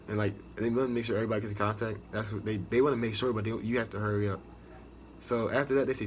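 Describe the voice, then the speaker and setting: A young man with an American accent talks straight to the camera, swearing freely and doubling back on himself as he tells his story. His voice sits a little low, and a faint hiss of noise runs under it. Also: steady tone, very fast. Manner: profane, rambling, restarts a lot. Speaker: navy recruit sharing experience. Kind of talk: casual storytelling vlog.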